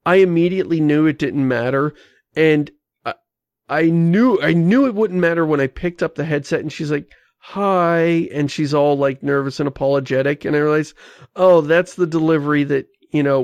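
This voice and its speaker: A man's voice: a little high, a little mellow, no room sound. A man hosting a podcast, chatting casually and reading listener mail aloud. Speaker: podcast host. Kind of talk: casual chat.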